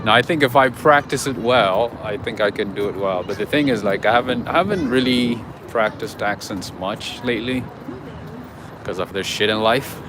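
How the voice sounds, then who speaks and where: With a voice on the low side and a moderate pace, a livestream host chats casually with viewers from a city street, greeting them by name. Traffic noise carries in the background.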